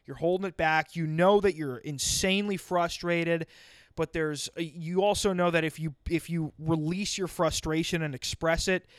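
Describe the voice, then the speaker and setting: A young man tells a comic story in a rambling, wry monologue, with a slightly higher voice that stays smooth and clear. He stops and restarts his sentences as he goes. The recording is dry and close. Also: fairly even intonation, normal speed, dry recording. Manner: rambling, self-interrupting, wry.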